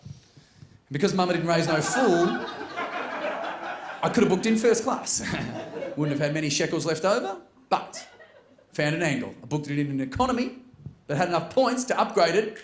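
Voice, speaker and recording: A man with an Australian accent doing stand-up, telling a story in an animated way with bursts of loud put-on voices. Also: on the high side, moderate pace, long pauses. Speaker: stand-up comedian. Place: comedy stage. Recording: roomy venue with faint noise.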